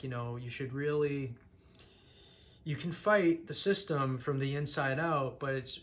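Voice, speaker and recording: A man's voice: mid-range voice, a bit bright. A man telling a personal story to his viewers in a candid, earnest way, often restarting his sentences. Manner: earnest, frequent restarts, rising to heated when recounting anger. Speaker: vlogger sharing his mental health story.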